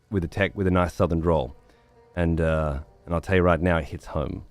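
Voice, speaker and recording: Rambling, profane man with a lowish voice. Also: moderate pace, fairly bright tone, clear, resonant tone, no room sound, faint music behind. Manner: rambling, profane, repeats words while thinking. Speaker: livestreamer. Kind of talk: casual chat to stream viewers.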